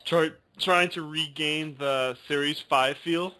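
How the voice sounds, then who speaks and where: A man in a casual chat, hesitant and excitable, swearing now and then. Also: fairly high pitch, slow pace.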